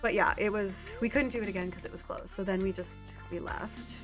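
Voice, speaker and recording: A Canadian woman streams a farming game, talking in a relaxed mid-range voice with fairly even intonation. Her chatter drifts from thought to thought, packed with fillers, little asides, and quick laughs. Game music plays faintly underneath.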